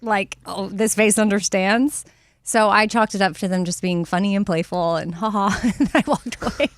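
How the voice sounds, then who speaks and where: A woman's voice: medium pitch, a little fast, dry recording. A woman co-hosting a radio show, chatting in a wry, teasing way. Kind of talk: casual chat.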